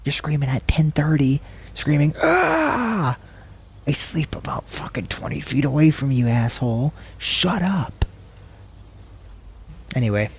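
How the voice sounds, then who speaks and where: Husky-voiced man ranting on a stream. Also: normal speed, a little mellow. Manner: profane, rambling ranting; slips into low murmurs and whispers. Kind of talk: casual livestream chat while gaming.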